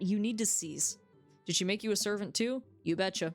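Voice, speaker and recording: A woman giving casual let's-play commentary, excitable and quick to swear as she reacts. Her voice sits at a middle pitch. Faint game music runs beneath her. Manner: excitable, swears freely, reads all game dialogue aloud. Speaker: game streamer.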